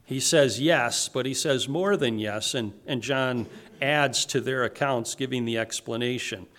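A man's voice: mid-range voice, a little slow, a bit bright. A man teaching through a Bible passage verse by verse, explaining it in plain everyday paraphrase and often restarting his sentences. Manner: frequent restarts and repeated words.

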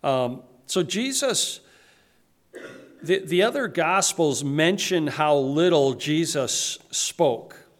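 A man teaching through a Bible passage verse by verse, explaining it in plain everyday paraphrase and often restarting his sentences. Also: a little high. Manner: frequent restarts and repeated words.

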